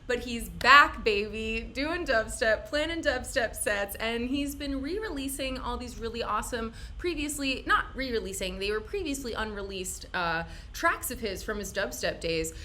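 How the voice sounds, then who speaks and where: A woman hosting a live-streamed interview, bubbly and excitable, swearing and laughing often. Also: a little high, moderate pace, hardly any pauses, slight background noise. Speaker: host.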